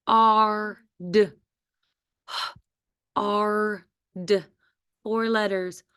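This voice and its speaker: A woman teacher giving a slow, patient spelling dictation to first graders. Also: mid-range voice, fairly bright tone, clear, resonant tone, dry recording, clean studio sound. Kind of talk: spelling quiz dictation for young students.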